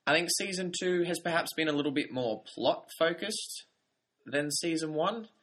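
A young man co-hosting a TV review podcast, easygoing and quick to laugh. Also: on the high side, fairly bright tone, slight background noise. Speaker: podcast co-host. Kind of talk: casual TV review chat.

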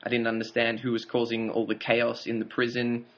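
Guy chatting through a tv season review, mid pitch, dull lo-fi audio. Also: monotone, brisk, a bit bright. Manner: recaps plot, chuckles often. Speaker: podcast co-host. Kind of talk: casual TV review chat.

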